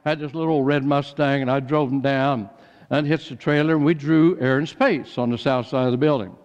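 Give me an older man preaching in a folksy storytelling way, recorded dull in a reverberant church. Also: mid-range voice. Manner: folksy storyteller, animated when quoting others. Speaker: pastor. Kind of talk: sermon with personal storytelling. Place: church sanctuary.

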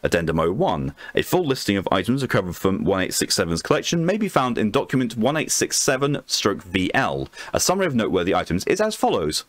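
A man's voice: fairly low pitch, big pitch swings, fast talker, few pauses, dry recording. A man reading documents aloud on a live stream, breaking off to swear and react.

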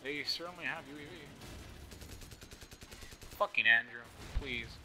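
A young man with a slight lisp giving casual, joking live commentary over his own shooter gameplay, swearing often and yelling at other players. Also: mid-range voice, moderate pace, pauses often. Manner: joking, swears often, yells at opponents and teammates.

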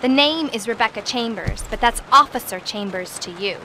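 An actress playing a prim young female officer in a video game, crisp and correcting. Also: fairly high pitch, lively intonation, normal speed, background noise, close to an everyday voice. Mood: stern.

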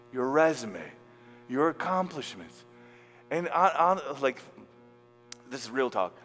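A male pastor preaching a sermon in a casual, animated way, with slang and acted-out quotes. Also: on the high side. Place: church hall. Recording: long hall reverb, faint music.

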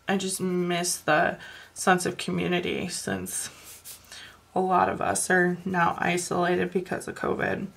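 Coloring-channel host, woman, lowish gravelly voice, unhurried rambling chat. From northern Wisconsin. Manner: rambling, chatty, with soft laughs and many fillers. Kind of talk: casual chat while coloring.

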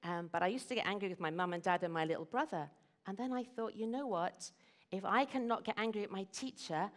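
A woman voicing a calm, kind father in a children's story, speaking gently and reassuringly. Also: fairly low pitch, close to an everyday voice.

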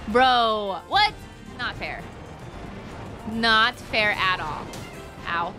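A young woman commenting on her own game playthrough, excitable, gasping and squealing often. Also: medium pitch, very slow, pauses often. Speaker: gaming streamer. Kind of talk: let's play commentary. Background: game music.

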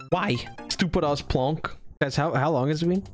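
A young man streaming himself playing a game in a tournament, excitable and jokey, yelling and swearing when things go wrong. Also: on the high side. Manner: excitable, swears a lot, yells in frustration, jokey. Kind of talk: casual live-stream commentary while gaming.

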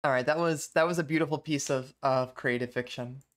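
A woman's voice: rumbling low, brisk. A young woman streaming live, chatting casually and laughing often as she reacts to a video.

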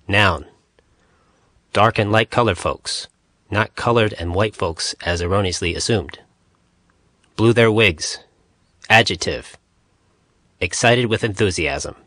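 A man narrating an audiobook, reading dictionary entries in short, measured phrases. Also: lowish voice, bright, forceful tone, no room sound, studio quality.

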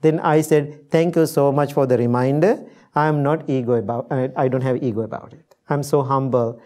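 A middle-aged Buddhist monk with a Sri Lankan accent gives a talk to a gathered audience. His voice is mellow and warm, sitting at a middling pitch. He tells stories and acts out the quotes in them. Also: steady tone, normal speed. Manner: storytelling with acted-out quotes, laughs easily.

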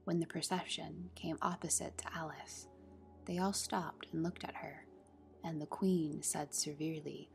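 A woman narrating a classic children's story in soft, half-whispered tones. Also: sits low, steady tone, unhurried, gravelly. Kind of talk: storybook reading. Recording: soft music under the reading.

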